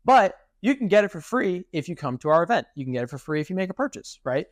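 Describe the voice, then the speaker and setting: Young man, podcast co-host, lively storytelling, slightly high voice, dry close sound. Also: fast, dry recording. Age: young adult. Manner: animated, acts out quoted speech. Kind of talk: casual podcast chat.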